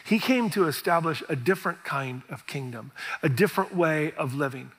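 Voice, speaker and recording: A middle-aged man preaching a sermon as pastor, telling stories with animated, acted-out quoted reactions. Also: fairly high pitch, normal speed, slightly rough. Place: large church hall. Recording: reverberant church hall.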